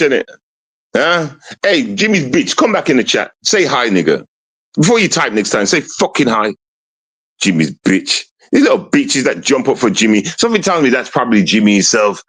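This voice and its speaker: A man's voice: mid-range voice, big pitch swings, normal speed, fairly bright tone, slightly rough. Furious man ranting on a stream. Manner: aggressive, insulting, swears heavily. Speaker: livestream host. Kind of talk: heated livestream rant at a chat viewer.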